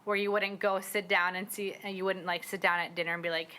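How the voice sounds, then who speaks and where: A young woman from the Squamish Nation, a parent learning her language, chatting casually with lots of fillers and quick laughs as she acts out little quotes. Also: lowish voice, little pitch movement, sharp tone, a little hiss or hum, poor audio. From Squamish Nation, British Columbia, Canada. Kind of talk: casual conversation. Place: outdoor community garden.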